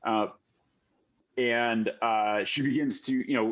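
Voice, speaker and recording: A man narrating as game master, halting, with many fillers. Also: medium pitch. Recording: dull lo-fi audio.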